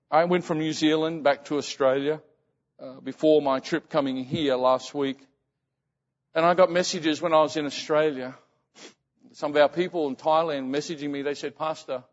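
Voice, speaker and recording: A man preaching as a pastor, telling a story and often halting and repeating words. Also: on the high side. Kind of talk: sermon storytelling. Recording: muffled sound in reverberant hall.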